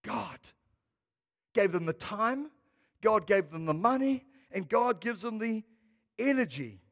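A man preaching a sermon, expressive and dramatic, swinging between quiet asides and loud emphasis. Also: sits high, slow pace, in a large hall. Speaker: pastor.

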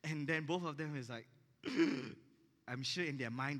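A man pastor telling a story in a sermon, acting out the dialogue with lively energy. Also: on the high side, moderate pace. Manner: animated, acts out dialogue in his stories. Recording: echoey hall reverb.

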